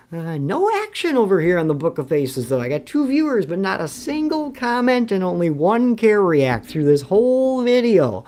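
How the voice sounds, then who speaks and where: A man's voice: on the high side, darkish tone. Man, thirties, rambling livestream host, joking, reads chat comments.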